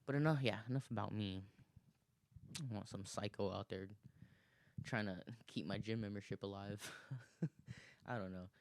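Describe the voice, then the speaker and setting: A man's voice: fairly low pitch, normal speed, pauses often, dry recording. A man in his twenties hosting a podcast alone, rambling casually, swearing a lot and laughing often. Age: 20s. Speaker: podcast host. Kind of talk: casual solo monologue.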